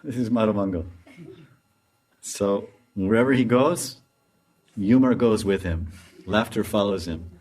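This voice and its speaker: Animated laughing male storyteller-preacher. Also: on the low side. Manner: animated, laughs while telling. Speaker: spiritual teacher. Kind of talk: storytelling sermon.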